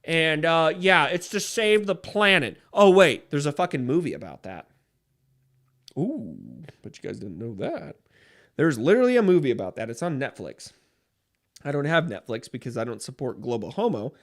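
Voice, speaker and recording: A man's voice: mid-range voice, huge pitch swings, normal speed. A man hosting a livestream, reading chat and ranting in a profane, fired-up way. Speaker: livestream host.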